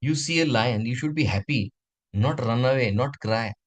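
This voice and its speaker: A man's voice: medium pitch, normal speed, close to an everyday voice. A man voicing a huge adult male lion who scolds a frightened cub in a commanding tone. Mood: stern scolding.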